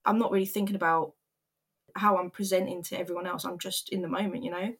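A woman's voice: on the low side, steady tone, fast talker, breathy edge. A young woman, earnestly retelling a hard personal story in a vlog. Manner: candid, earnest, emotional retelling with quoted voices.

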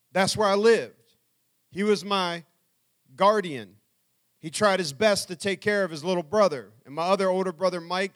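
A man's voice: high-pitched, fairly bright tone. A middle-aged man telling his life story to an audience as a speaker, earnestly acting out what people said. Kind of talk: personal testimony talk.

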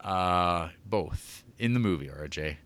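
A man co-hosting a casual podcast, rambling about horror movies with lots of fillers, swearing and excited tangents. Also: low-pitched, slow pace. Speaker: podcast co-host reviewing movies. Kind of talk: casual chat.

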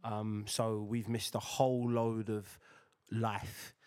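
A man's voice: fairly low pitch, flat delivery, slow pace, darkish tone. A man hosting a podcast, casual and playful, with jokey slang. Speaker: podcast host. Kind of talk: casual chat.

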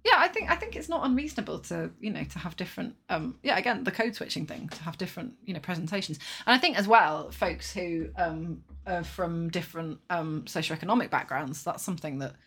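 A woman's voice: lowish voice, animated, fairly quick, hardly any pauses, fairly bright tone, breathy edge. A woman co-hosting a podcast, chatting thoughtfully with lots of hedging. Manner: thoughtful, hedging, laughs often. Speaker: podcast co-host. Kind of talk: casual chat.

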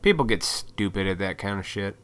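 A young man talks into a desk mic from a small home room, rambling loosely and swearing often. His voice sits on the low side but has a bright, forceful edge. He piles on fillers as he wanders from one thought to the next. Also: expressive, a little fast. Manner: rambling and profane, with many fillers. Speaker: YouTuber and toy collector. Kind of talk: casual solo chat. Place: small hot home room full of electronics.

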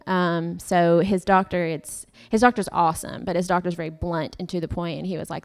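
A woman's voice: lowish voice, steady tone, normal speed, hardly any pauses, darkish tone. A young woman giving a heartfelt personal testimony in church, rambling a little with fillers and restarts.

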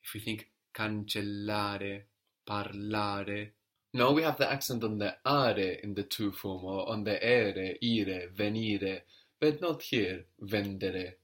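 A man's voice: lowish voice, normal speed, few pauses, fairly bright tone. A man teaching a language lesson, patiently prompting a student and explaining grammar step by step.

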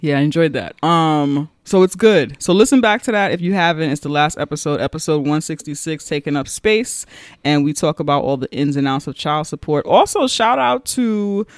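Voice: medium pitch, animated, normal speed, dry recording, studio quality. A young adult podcast co-host, chatting casually in a blunt, joking, profane way. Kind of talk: casual chat.

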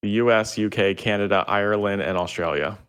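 A man co-hosting a podcast in casual chat, with dry, deadpan asides. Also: lowish voice, fairly quick, clean tone. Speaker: podcast co-host.

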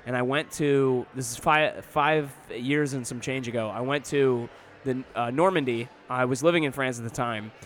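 A man's voice: mid-range voice, moderate pace. A man hosting a podcast, chatting casually, poking fun at himself and swearing freely. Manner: self-mocking, swears freely. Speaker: podcast host. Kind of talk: casual chat.

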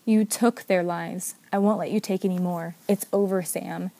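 A woman's voice: lowish voice, steady tone, moderate pace, creaky, warm tone. A woman voicing a tough young undercover agent in a read-aloud story, speaking in her own voice. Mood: determined.

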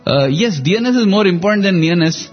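A man's voice: high-pitched, animated, fairly quick. A man, co-hosting a devotional radio talk and recalling stories in a reflective storytelling manner with frequent laughs. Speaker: radio show co-host. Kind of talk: conversational devotional reminiscence. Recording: dull lo-fi with faint music.

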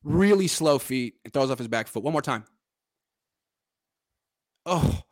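A man's voice: medium pitch, animated, measured pace. A man hosting a casual sports podcast, animatedly breaking down football film and chatting with his father. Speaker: podcast host.

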